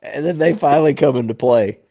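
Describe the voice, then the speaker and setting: A man's voice: fairly high pitch, a little fast, gravelly, warm tone, lo-fi sound. A man co-hosting a casual podcast movie discussion, crudely retelling scenes with laughs. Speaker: podcast co-host.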